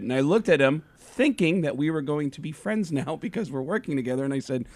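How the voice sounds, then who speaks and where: Comedian guest, man, slightly high voice, dry studio mic, lively storyteller. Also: a little fast, few pauses, no echo. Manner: animated storyteller who acts out dialogue. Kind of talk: casual radio studio chat. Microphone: studio microphone.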